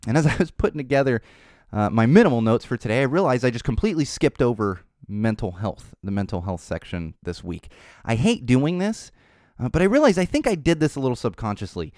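Casual podcast host, male, tired, rambling; animated pitch, dry close recording. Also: fairly quick, no echo. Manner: rambling, speaks off the cuff with tangents. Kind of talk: casual unscripted monologue.

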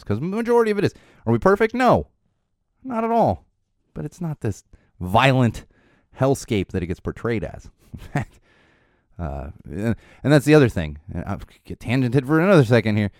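Lively, rambling man hosting a podcast. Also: fairly low pitch, normal speed, dry recording, studio quality. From Los Angeles area. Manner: rambling, animated, swears, laughs often, many fillers. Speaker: podcast host. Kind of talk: casual chat. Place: studio.

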